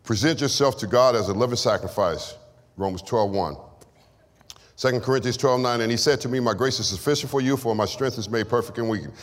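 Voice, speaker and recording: A man's voice: mid-range voice, brisk. A man preaching a sermon and giving testimony, with call-and-response lines to the congregation. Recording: long hall reverb.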